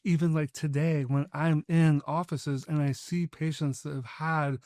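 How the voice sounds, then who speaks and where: A man's voice: fairly high pitch, flat delivery, a little slow, darkish tone, no room sound, clean studio sound. A man hosting a podcast, talking casually and loosely with lots of filler words. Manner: loose, full of fillers like "like" and "you know". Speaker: podcast host. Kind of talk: casual interview talk.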